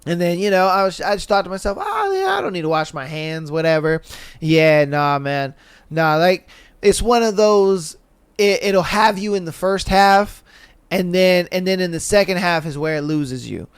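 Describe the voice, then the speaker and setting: Slangy man with a smooth, high voice. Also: moderate pace, dry recording. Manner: slangy, animated, swearing, laughs at his own jokes. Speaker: podcast host. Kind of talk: casual podcast chat reading listener stories.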